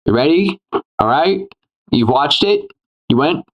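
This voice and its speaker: A man's voice: a little high, animated, unhurried, low-quality recording. A man co-hosting a casual movie discussion podcast, retelling scenes animatedly and acting out reactions with rambling restarts. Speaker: podcast co-host.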